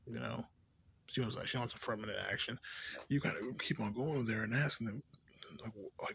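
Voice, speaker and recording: A man's voice: medium pitch, brisk, gravelly, a bit bright, a little hiss or hum. A man vlogging an unscripted rant, rambling with heavy swearing and many fillers, sometimes dropping to a tired near-whisper. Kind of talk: unscripted venting monologue.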